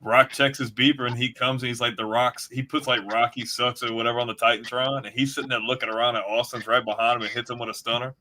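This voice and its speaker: A man in casual chat, excitable and full of mild slang while recalling moments. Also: mid-range voice, fast talker, hardly any pauses.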